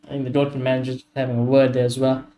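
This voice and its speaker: Excitable swearing football watchalong streamer. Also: male voice, medium pitch, racing. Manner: excitable, frustrated, swears often, talks to chat. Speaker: streamer hosting a live match watchalong. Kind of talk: live football watchalong commentary.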